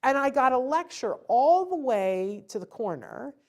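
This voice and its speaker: A middle-aged woman hosting a live talk show, giving parenting advice in a lively, animated way and acting out a child's point of view. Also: high voice, measured pace. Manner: animated, acts out a child's thoughts and parental lectures. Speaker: host.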